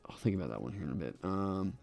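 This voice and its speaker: Animated low-voiced man streaming casually. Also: fast talker, creaky. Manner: rambling, laughs often, swears freely. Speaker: streamer designing a game class. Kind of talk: casual live-stream chat. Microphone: desk microphone.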